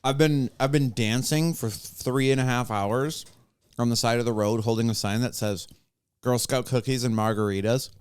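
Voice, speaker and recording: A man's voice: mid-range voice, normal speed, clear, resonant tone. Joking man, casual podcast co-host. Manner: joking, deadpan teasing. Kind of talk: casual banter.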